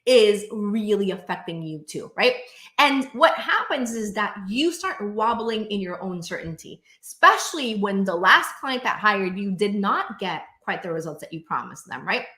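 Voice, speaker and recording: A bright, forceful woman coaching straight to camera, energetic and emphatic, with lots of "like" and "right?" tags. She slips into quick voiced asides of her clients' worried thoughts. The room around her rings with a noticeable echo. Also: medium pitch. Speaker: business coach. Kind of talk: direct-to-camera coaching monologue.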